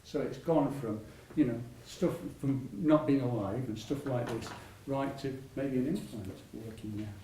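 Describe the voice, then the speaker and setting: A man's voice: medium pitch, a little slow, few pauses, dark tone, slight background noise. An older man, telling stories in a public talk, rambling with many restarts and frequent laughter. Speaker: patient speaker at a public talk. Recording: echoey hall, mic at a distance.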